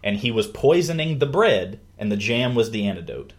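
This man's voice is on the low side and moves at a moderate pace. As host of a casual talk, he explains a book by eagerly retelling its plot, animating the characters with yelps and laughs.

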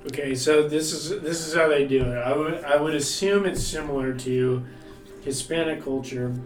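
A man's voice: fairly high pitch, moderate pace, faint music behind. A man co-hosting a casual podcast from home, trading dry wisecracks. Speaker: podcast co-host. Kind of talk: casual banter. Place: dining room at home. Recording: roomy home recording.

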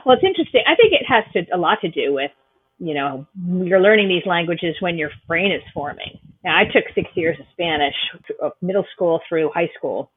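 A woman's voice: fairly low pitch, expressive, a little fast, slightly rough. A woman from Boston hosting a casual podcast interview, friendly and laughing often between her remarks. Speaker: podcast host. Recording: tinny phone-line sound.

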